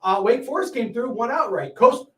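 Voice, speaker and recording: A man hosting a sports betting show, talking in an excitable, profane, rambling way. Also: very high-pitched, normal speed, slight background noise. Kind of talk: casual sports betting chat.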